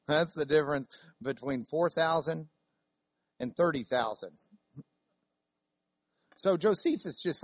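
A woman's voice: low voice, dry recording. A woman teaching a Bible class in a classroom, chatty and digressive, with many fillers and restarts. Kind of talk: classroom lecture.

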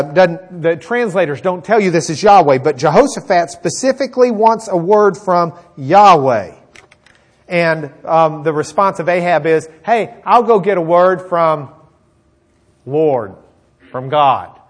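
Animated preacher. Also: male voice, a little high. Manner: animated storytelling, acting out characters' lines. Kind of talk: sermon retelling a Bible story.

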